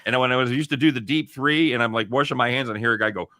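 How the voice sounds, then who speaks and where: A man's voice: medium pitch, rapid-fire, dry recording, studio quality. A man on a sports betting show as guest, chatting casually and telling anecdotes with some swearing. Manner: relaxed, swears freely, tells anecdotes. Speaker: guest handicapper. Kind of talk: casual chat.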